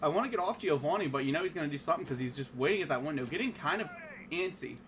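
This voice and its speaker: A man calls a live esports match from his home stream in a high, bright, forward voice. He keeps up a running play-by-play and gets more excited on the big plays. A faint hiss of noise sits under the recording. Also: rapid-fire. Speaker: esports caster.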